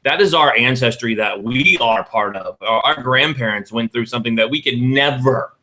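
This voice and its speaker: A middle-aged man co-hosting a casual talk show, with a bright, forceful tone. He rambles and restarts his sentences, piling on asides as he goes. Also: mid-range voice, normal speed. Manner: rambling, restarts and self-corrections. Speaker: podcast co-host. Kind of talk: casual chat.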